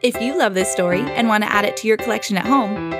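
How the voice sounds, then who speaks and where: A woman hosting a children's podcast, reading a storybook aloud in an expressive storytelling manner. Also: mid-range voice, fast, over loud music.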